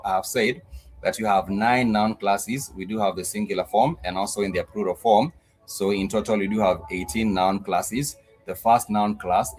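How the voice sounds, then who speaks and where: A man teaching a live online Swahili lesson, repeating each word slowly and patiently for learners. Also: low-pitched.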